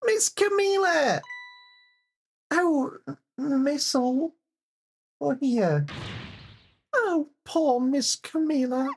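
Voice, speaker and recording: A woman voicing a sweet, excitable little girl in a high, childlike voice, reading game dialogue aloud. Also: extremely slow, pauses often, full character voice. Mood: excited. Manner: high, breathless childlike delivery.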